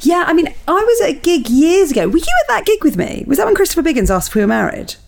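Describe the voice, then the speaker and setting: A woman's voice: extremely high pitch, very animated, fast, vocal fry, a little mellow. A woman co-hosting a podcast, bubbly and teasing, who chats and reads listener emails aloud. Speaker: podcast co-host. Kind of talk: casual chat, reading listener emails.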